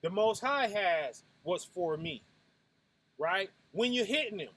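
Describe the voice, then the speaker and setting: A man giving a casual, conversational sermon as the show's host. He keeps checking in with "right?", drops low and soft, then bursts out loud with punching sound effects. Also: expressive, slow. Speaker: preacher hosting a Sabbath night talk.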